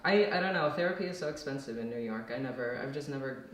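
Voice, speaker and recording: A woman's voice: rumbling low, lively intonation, fast. A young woman from the rural Midwest doing a stand-up set, rambling and self-deprecating with lots of fillers and restarts. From rural Minnesota / Wisconsin. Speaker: stand-up comedian. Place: comedy venue with audience laughter. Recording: very echoey distant room mic, loud noise. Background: audience laughter.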